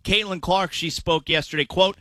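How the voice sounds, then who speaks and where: A man hosting a casual sports talk show, rambling with quick asides and restarts. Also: high-pitched, steady tone, sharp tone, no room sound. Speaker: host.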